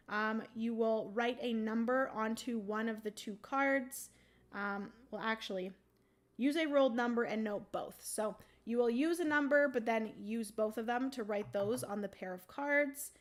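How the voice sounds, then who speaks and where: Woman with a throaty morning voice. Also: on the high side. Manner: chatty, many ums, thinks aloud. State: morning voice, keeps clearing her throat. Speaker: board game livestream host. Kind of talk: casual rules explanation while playing.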